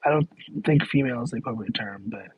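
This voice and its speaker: A man's voice: mid-range voice, quick pace, slightly rough, narrow, tinny audio. A man chatting casually on a live question-and-answer stream, rambling, stopping to correct himself and laughing in disbelief.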